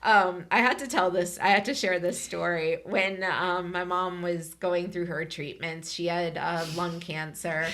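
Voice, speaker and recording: Woman podcaster, bright voice, animated storytelling, acts out the quotes, casual. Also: on the low side, a little slow, hardly any pauses, slight background noise. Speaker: podcast co-host.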